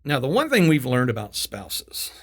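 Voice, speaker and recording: A man hosting an interview, telling stories in a casual, animated way, laughing and swearing as he goes. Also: medium pitch, normal speed. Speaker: podcast host.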